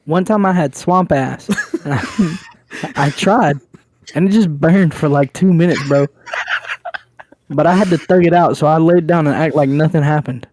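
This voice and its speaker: A man's voice: fairly high pitch, a little slow, a little mellow. A young man co-hosting a podcast, telling crude, rambling stories in casual chat. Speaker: podcast co-host.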